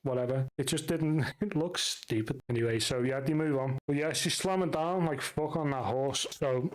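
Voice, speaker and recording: A man's voice: medium pitch, moderate pace, low-quality recording. A man giving a casual, sarcastic and sweary recap of a TV episode. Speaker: reaction video host.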